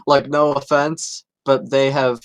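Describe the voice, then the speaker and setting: A man's voice: medium pitch, little pitch movement, takes it slowly, no echo, rough recording. Man co-hosting a casual podcast. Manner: laughs often, trails off and restarts. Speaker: podcast co-host. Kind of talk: casual chat.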